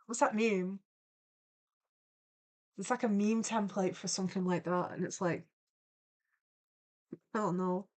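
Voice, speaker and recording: A woman's voice: mid-range voice, takes it slowly, pauses often, darkish tone. A young woman chatting casually on a live stream, greeting viewers by name in a playful, giggly way. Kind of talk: casual live-stream chat while drawing.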